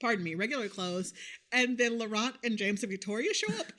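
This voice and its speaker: A woman co-hosting a podcast in casual chat, animated, swearing freely and laughing often. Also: on the high side, fairly quick. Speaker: podcast co-host.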